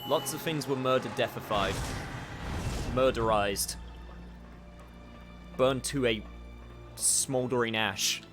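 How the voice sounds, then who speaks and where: A man casually commenting on his game as he streams it, rambling and chatty with sudden excited outbursts. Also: medium pitch, slow, pauses often. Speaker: gamer streaming a playthrough. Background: game music.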